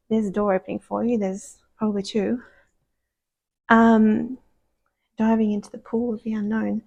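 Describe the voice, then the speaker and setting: A woman giving a casual, rambling tarot card reading, gushing and soft-spoken, sometimes dropping to a whisper. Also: mid-range voice, little pitch movement, moderate pace, creaky, long pauses. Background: dogs barking.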